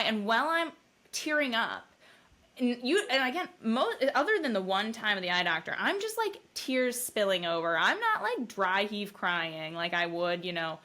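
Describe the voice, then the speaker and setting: A woman on a podcast candidly recounting her own experience, animated, acting out quoted asides. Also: fairly high pitch. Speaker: podcast co-host sharing her recovery story. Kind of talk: casual podcast conversation.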